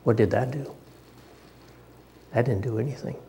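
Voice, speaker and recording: A man's voice: medium pitch, moderate pace, dark tone, a little hiss or hum. A man preaching a sermon, reading scripture aloud and talking conversationally, repeating phrases for emphasis.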